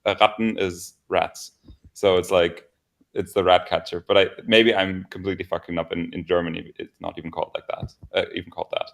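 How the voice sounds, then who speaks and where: A man co-hosting a livestream in casual chat, relaxed, laughing often and swearing casually. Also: low-pitched, a little fast, gravelly. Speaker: developer co-host.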